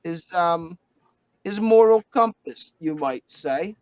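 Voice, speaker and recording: A swearing, rambling male book spirit with a put-on Australian accent, as a game master puts him on, pitched well above the man's own voice. He calls everyone mate. It is a tabletop game character voice, dry and close to the mic. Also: animated, takes it slowly, darkish tone, smooth, dry recording, poor audio. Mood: explaining. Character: crude, chatty male spirit trapped in a book.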